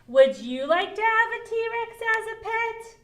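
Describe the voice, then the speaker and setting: A woman with a high, bright-pitched voice leads a preschool storytime. She speaks very slowly and gently, drawing out each phrase in a sing-song way meant for small children. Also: big pitch swings. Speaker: children's librarian.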